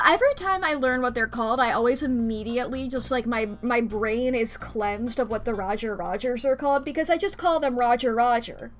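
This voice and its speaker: A woman's voice: high-pitched, a bit bright. A young woman streaming a video game, rambling casually and laughing often. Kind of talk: casual gameplay chat.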